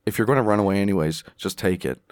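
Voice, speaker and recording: A man's voice: lowish voice, fast talker, smooth, dry recording. A man co-hosting a podcast movie review, talking in a laid-back way with dry quips and jokey asides. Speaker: podcast co-host. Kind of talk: casual movie review chat.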